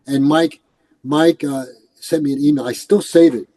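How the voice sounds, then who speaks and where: This older man, once a New York police commander, tells his stories at normal speed in a slightly high voice, captured on poor audio. It is a casual interview, and he animatedly performs the voices of the people in his tales.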